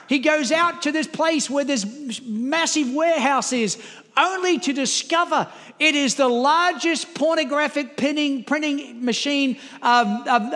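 High-voiced preacher, reverberant hall. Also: male voice. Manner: animated storyteller, voice climbs and gets louder as the story builds. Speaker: pastor. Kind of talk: sermon storytelling.

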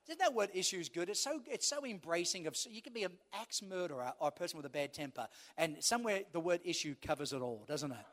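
A man's voice: high-pitched, lively intonation, quick pace, hardly any pauses, a bit bright. A man preaching a sermon as a pastor, telling a humorous personal story and acting out the dialogue. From Australia. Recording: long hall reverb.

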